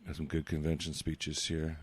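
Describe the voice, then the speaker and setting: A man co-hosting a podcast in casual chat, brisk and offhand. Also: rumbling low, monotone, breathy edge. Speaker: podcast co-host.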